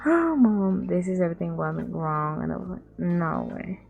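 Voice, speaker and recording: A woman's voice: lowish voice, very animated, normal speed, gravelly, darkish tone, highs cut off, faint music behind. A young woman with a Latin American accent, telling a rambling storytime in casual chat, repeating herself and acting out the people she quotes. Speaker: vlogger.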